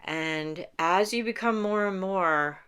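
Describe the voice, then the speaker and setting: A woman meditation coach giving a calm, unhurried spoken lesson, explaining each step plainly and laughing lightly now and then. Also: mid-range voice, clean tone. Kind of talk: instructional talk to camera.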